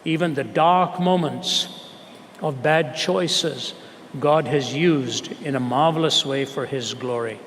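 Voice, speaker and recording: A man preaching an earnest storytelling sermon to a live audience, asking rhetorical questions and slowing down for emphasis. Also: mid-range voice, fairly bright tone. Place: large hall with a live audience. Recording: reverberant hall, faint background noise.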